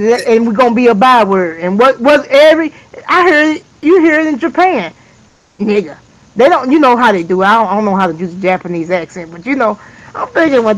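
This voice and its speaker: Very high-voiced rambling man. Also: low-quality recording. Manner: rambling, laughs often, trails off and restarts. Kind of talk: casual chat.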